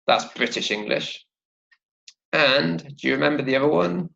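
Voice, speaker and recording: A man teaching an English vocabulary lesson, slowly modelling pronunciation and asking learners to repeat. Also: medium pitch, vocal fry, sharp tone, lo-fi sound, slight background noise. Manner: slow, deliberate, models pronunciation for repetition.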